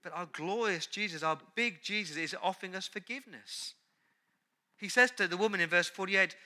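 A man's voice: high-pitched, moderate pace, bright, forceful tone. A man preaching a sermon as pastor, earnest and emphatic, repeating key words.

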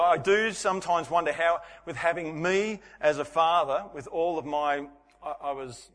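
Middle-aged man, slightly high voice, preaching, self-deprecating humor, long church reverb. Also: moderate pace, fairly bright tone. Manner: storytelling with self-deprecating humor, laughing often. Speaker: pastor. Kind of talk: Father's Day sermon.

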